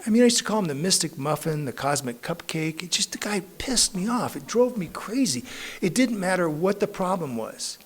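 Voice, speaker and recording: A man's voice: sits high, sing-song, a little fast, husky. A middle-aged man telling his story as a recovery meeting speaker, conversational and self-mocking, with frequent tag questions. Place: recovery club meeting room.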